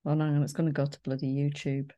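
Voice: medium pitch, level tone, very fast, mellow, muffled recording. A podcast co-host chatting casually, with dry teasing remarks and casual swearing.

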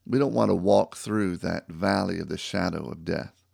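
A man's voice: low-pitched, normal speed, vocal fry, darkish tone, dry recording, clean studio sound. A man sharing a personal faith testimony, telling the story with acted-out phone calls and turning reflective as he reads scripture. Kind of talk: personal testimony and devotional talk.

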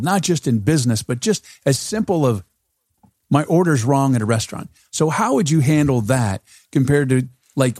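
A man hosting a podcast, telling stories in a relaxed, chatty way and acting out the lines of people in them. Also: mid-range voice, dry recording, studio quality. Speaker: podcast host. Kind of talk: casual podcast chat.

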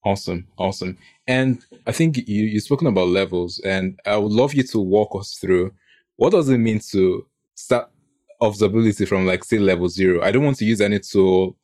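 A man with a low voice hosts a tech interview. He poses long questions, restarting and rewording them mid-sentence. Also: moderate pace, darkish tone. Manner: rambling, rephrases questions as he goes. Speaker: podcast co-host.

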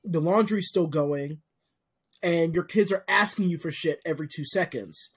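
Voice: mid-range voice, normal speed, breathy edge. A podcast co-host in casual chat, making points emphatically with everyday examples and some swearing.

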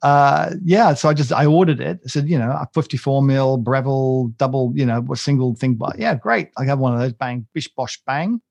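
A man's voice: medium pitch, fairly quick, vocal fry, hardly any pauses, darkish tone, no echo. A man co-hosting a podcast, chatting casually in a rambling, self-mocking way with many fillers and restarts. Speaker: podcast co-host. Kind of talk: casual chat.

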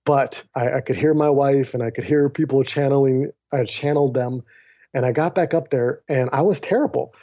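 Guesting on a podcast over a remote call, this man talks at normal speed with a medium-pitched voice. His retelling of a personal story is earnest and lively, and he performs the quoted dialogue himself.

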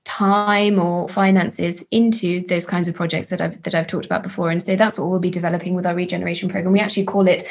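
A woman, a charity chief executive, speaking earnestly in an interview, often restarting her phrases and warming to her subject. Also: fairly low pitch, level tone. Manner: earnest, halting restarts, enthusiastic. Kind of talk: reflective interview talk.

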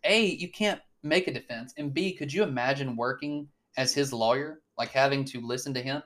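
A man's voice: medium pitch, moderate pace, fairly bright tone. A man co-hosting a casual political chat, blunt and swearing often, with lots of fillers and restarts. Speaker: podcast co-host.

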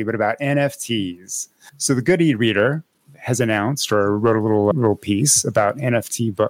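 A man's voice: medium pitch, no room sound. A man hosting a podcast in casual chat, talking in a rambling way with lots of fillers and restarts. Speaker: podcast host.

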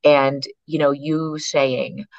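A woman's voice: low-pitched, slow, dry recording, muffled recording. A woman from Canada, a psychologist and author, telling stories as a podcast guest and acting out the people she quotes. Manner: animated storyteller who acts out quoted voices. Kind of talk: storytelling in a conversation.

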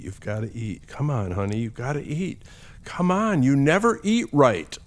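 A middle-aged man with a somewhat low voice talks in a relaxed, conversational way. He is a counselor recounting cases from his practice. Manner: conversational storytelling with acted quotes. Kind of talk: talk.

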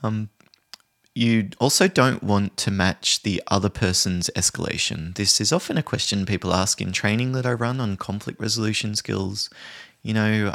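Calm low-voiced man explaining steadily. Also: normal speed, creaky. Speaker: conflict resolution trainer. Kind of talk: podcast explainer, solo talk.

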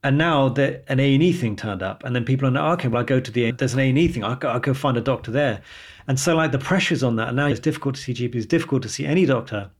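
A man, a radiologist, chatting casually on a podcast and telling animated stories with frequent laughs. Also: mid-range voice, racing. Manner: animated storyteller, laughs often.

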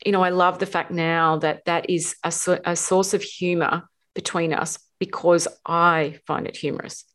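A woman's voice: fairly low pitch, little pitch movement, normal speed, fairly bright tone. A woman hosting a relationship coaching podcast, talking emphatically and repeating words for stress. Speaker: podcast host.

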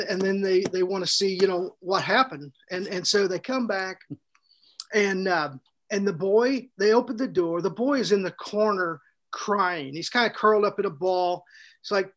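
A man co-hosting a podcast, telling a story in a casual, animated way, laughing often and restarting his sentences. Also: high voice. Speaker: podcast co-host and author.

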